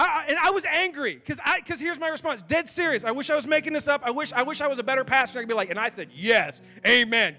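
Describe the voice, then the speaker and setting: A man in his thirties, a pastor preaching a sermon from a church stage in an animated, self-mocking way, acting out little dialogues. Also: extremely high pitch. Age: 30s.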